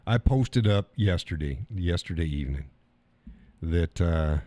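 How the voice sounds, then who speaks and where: A man's voice: low-pitched, expressive, measured pace, warm tone, no room sound. Blunt, profane middle-aged man. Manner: blunt and profane, laughing often. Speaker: live stream host. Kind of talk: casual opinionated monologue.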